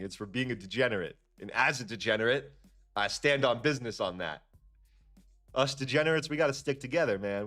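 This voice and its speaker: Animated, slangy young man hosting a trading stream. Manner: animated, slangy and profane, with lively jumps in pitch. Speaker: livestream trading host. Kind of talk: casual livestream chat and rant.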